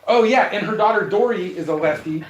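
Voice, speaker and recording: A man's voice: sits high, brisk, roomy sound, muffled recording, crowd noise. Upbeat chatty male radio host. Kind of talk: casual studio chat. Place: community radio studio.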